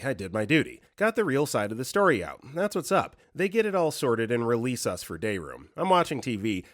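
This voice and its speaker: A man's voice: mid-range voice, no room sound, clean studio sound. A man reading first-person stories aloud in a casual, conversational way, with small acted asides. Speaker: story narrator.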